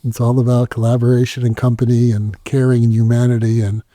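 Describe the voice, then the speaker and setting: A man's voice: medium pitch, level tone, fast, dark tone, dry recording, clean studio sound. A man co-hosting an interview podcast, speaking in an enthusiastic, effusive way. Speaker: podcast co-host. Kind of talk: casual interview chat.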